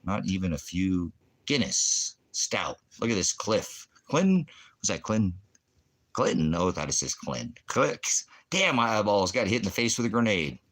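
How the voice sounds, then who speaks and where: A man's voice: lowish voice, sing-song, normal speed, fairly bright tone. A man hosting a ministry stream, ranting in a rambling, combative way, full of puns and profanity. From Oregon, USA. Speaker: ministry host.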